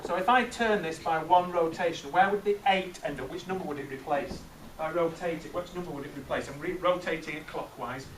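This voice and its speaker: Male teacher, middle-aged, lively and questioning; distant mic, roomy echo. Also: fairly high pitch, fairly quick, few pauses. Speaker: teacher leading a maths master class. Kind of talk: classroom teaching with questions to pupils. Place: classroom. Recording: echoey classroom from far off, noisy.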